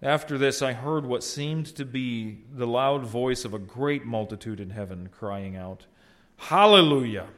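A man preaching an expository sermon and reading scripture aloud, earnest, swelling loud on exclamations and dropping soft at line ends. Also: mid-range voice, steady tone, a little slow, few pauses. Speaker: pastor.

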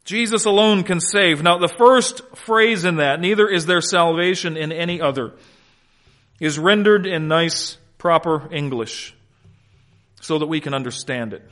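A male pastor with a bright, slightly high voice delivers a sermon. He rises to loud, emphatic declarations, then drops to soft, conversational asides. He explains scripture wording patiently, like a teacher. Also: a little slow. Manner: swings from loud emphatic preaching to quiet asides.

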